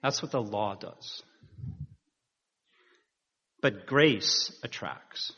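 A man preaching a sermon in a measured, earnest way, rising with emphasis at key points. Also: lowish voice, pushed and bright, husky. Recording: dull sound in a reverberant hall.

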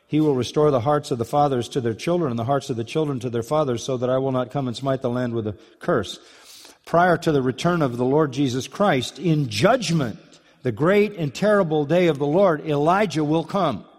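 A man's voice: on the high side, brisk, a little mellow, big-room sound. A man preaching an expository sermon, emphatic, asking rhetorical questions and restarting phrases. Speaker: pastor.

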